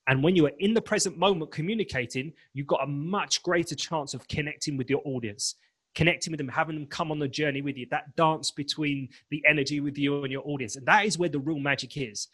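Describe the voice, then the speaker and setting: A man's slightly high, fairly bright voice has a breathy edge and moves fairly quickly. As a confidence and presentation coach guesting on an animated podcast, he talks emphatically and acts out pieces of inner dialogue.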